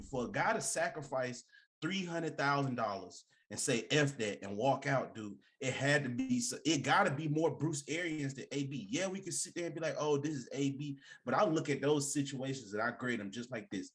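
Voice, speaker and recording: Young adult man, sports talk co-host: emphatic, slangy, animated, lots of pitch swings. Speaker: podcast co-host. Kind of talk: casual sports debate.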